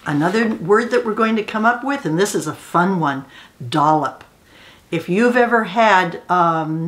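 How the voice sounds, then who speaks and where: A woman storyteller reads a picture book aloud to young children. Her voice sits in a middle range for a woman, and she gently stops to explain words and ask the children questions. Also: mid-range voice.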